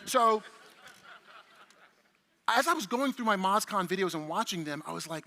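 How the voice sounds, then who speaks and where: Animated, bright-voiced man on a conference stage. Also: sits high, moderate pace. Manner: animated, profane, chatty with the audience. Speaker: conference speaker. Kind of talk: energetic keynote talk. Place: large conference hall stage. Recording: long reverb of a large conference hall.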